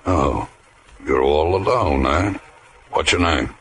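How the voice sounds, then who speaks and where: Gruff old pirate stranger, very deep, slow, tense; 1940s radio style. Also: male voice, lively intonation, a little hiss or hum, full character voice. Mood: menacing. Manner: gruff, slow, prying sea-dog growl. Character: menacing grizzled old male pirate stranger.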